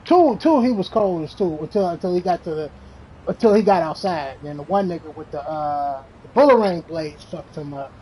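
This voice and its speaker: A game streamer chatting casually and telling stories in an animated, rambling way, with lots of slang and swearing. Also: mid-range voice, normal speed, slight background noise, low-quality recording. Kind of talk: casual chat while streaming.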